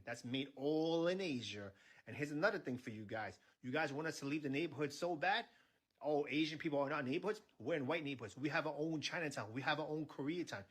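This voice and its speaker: A man's voice: fairly high pitch, fairly bright tone, husky. A man in a rant video, sarcastic and combative, rattling off lists.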